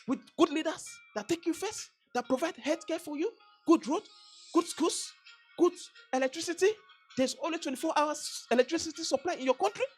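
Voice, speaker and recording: Impassioned, Nigerian accent, woman, high-pitched, repetitive, stammering restarts. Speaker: vlogger. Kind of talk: impassioned political commentary.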